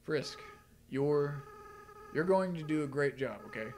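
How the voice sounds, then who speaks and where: A man reading aloud as a remorseful, tearful young goat-monster boy, in a soft, earnest and halting way. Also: on the high side, animated, slight background noise. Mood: sad.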